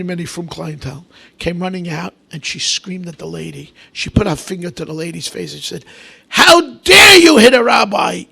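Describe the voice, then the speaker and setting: A man preaching as a rabbi, telling stories in an animated way, swinging between loud bursts and hushed asides, with Hebrew and Aramaic terms mixed in. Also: high-pitched, gravelly, husky. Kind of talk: storytelling sermon.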